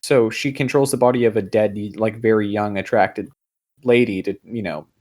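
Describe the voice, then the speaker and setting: A young podcast co-host chats casually and rambles, his speech packed with fillers, restarts and offhand swearing. His voice is fairly low and darkish, with a steady tone and normal speed.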